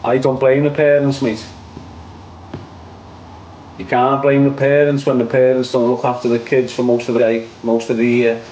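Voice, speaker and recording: Scouse lad going off on a rant on his stream, opinionated, mid pitch voice. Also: flat delivery, normal speed, pauses often, darkish tone, slight background noise, rough recording. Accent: Liverpool. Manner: repetitive, opinionated, tags lines with "mate". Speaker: online show host. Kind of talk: casual livestream rant.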